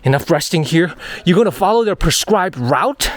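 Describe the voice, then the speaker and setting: A man's voice: fairly high pitch, expressive, moderate pace, dry recording. Chatty man vlogging on a mountain hike. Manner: chatty, repeats phrases, thinks aloud. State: out of breath while hiking. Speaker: travel vlogger. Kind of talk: walking travel vlog narration. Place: outdoors on a mountain trail.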